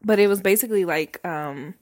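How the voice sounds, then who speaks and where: A woman's voice: medium pitch, brisk, dry recording, clean studio sound. A young woman hosting her own podcast from home, chatting loosely with lots of fillers, laughs and the odd swear. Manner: rambling, many fillers, swears, laughs often. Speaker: podcast host. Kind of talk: casual solo podcast chat. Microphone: handheld microphone.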